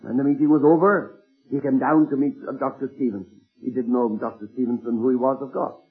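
Husky male preacher on a tinny tape. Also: mid-range voice, steady tone, soft background music. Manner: earnest anecdotal retelling with slowed emphasis. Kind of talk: sermon storytelling. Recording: tinny phone-like old sermon tape.

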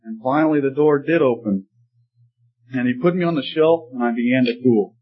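Man as a husky, earnest talking teacup, storybook parable, slightly muffled recording. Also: mid-range voice, moderate pace, close to an everyday voice. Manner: earnest storytelling, pleading at times. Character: talking teacup, once clay, tested and changed.

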